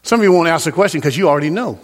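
A man preaching a sermon as a pastor in a church, swinging from loud, emphatic peaks down to soft, quiet passages. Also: a little high, animated, very fast, long reverb tail. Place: church sanctuary.

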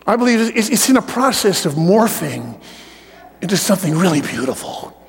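A man preaching a sermon with personal testimony in an animated way, joking with the congregation. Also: high voice, moderate pace, gravelly, slightly rough, long reverb tail.

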